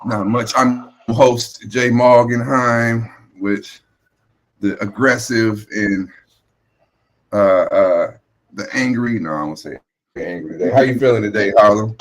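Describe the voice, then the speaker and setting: A man's voice: fairly low pitch, slow pace. A man hosting a casual livestream morning show, laid-back and swearing, greeting his chat. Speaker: host. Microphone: streaming setup microphone.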